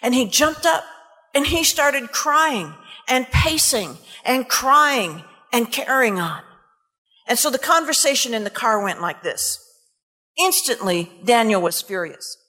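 A woman preacher telling a story in a sermon, animated and dramatic. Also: on the high side, unhurried, big-room sound.

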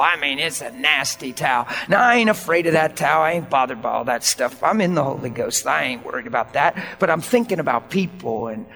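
A man's voice: a little high, brisk, gravelly, hardly any pauses, long reverb tail, soft background music. A man preaching a storytelling sermon, acting out the people in his story and laughing often. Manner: animated, acts out dialogue, laughs often.

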